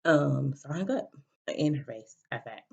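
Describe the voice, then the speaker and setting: Husky, gravelly woman rambling casually. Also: low-pitched, expressive, measured pace. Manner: rambling, many fillers and restarts. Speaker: podcast host. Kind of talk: casual storytelling chat. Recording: dull lo-fi recording.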